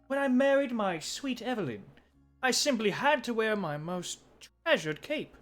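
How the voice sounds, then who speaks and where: A man's voice: sits high, big pitch swings, moderate pace, a bit bright, soft background music, voice pushed up. A man voicing a pompous, melodramatic, lovesick old male vampire in a grandiose, theatrical manner. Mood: proud.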